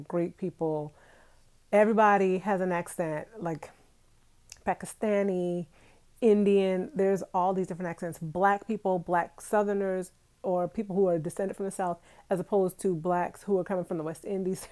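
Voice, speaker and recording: Brooklyn-born woman in her 40s, warm mellow voice, chatty and laughing, talking to viewers on her phone. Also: medium pitch. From Brooklyn, New York. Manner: chatty, laughs often, answers viewer comments. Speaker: vlogger. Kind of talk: casual live chat with viewers. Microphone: phone held in hand.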